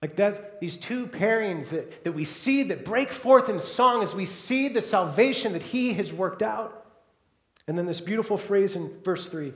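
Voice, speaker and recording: A man preaching a sermon as pastor, moving between soft, hushed passages and loud, emphatic ones. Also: sits high, expressive, unhurried, reverberant.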